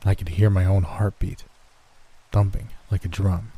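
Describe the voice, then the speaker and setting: A man narrating a first-person horror story in a steady, scripted storytelling manner. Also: sits low, measured pace, slightly rough, no echo.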